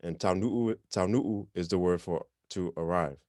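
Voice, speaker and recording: Male teacher, low clear voice, casual and self-correcting, dry close sound. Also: normal speed, no room sound. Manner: relaxed, self-correcting, chatty explanations. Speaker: language teacher. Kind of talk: informal online class.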